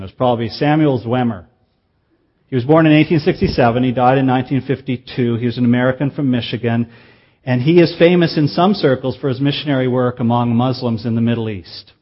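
A man preaching a sermon in an earnest, measured way, slowing down for emphasis. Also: medium pitch, lo-fi sound.

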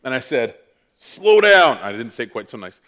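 A man preaching, telling a personal story with lively, self-mocking animation. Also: lowish voice, fast. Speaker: pastor. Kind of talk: sermon storytelling.

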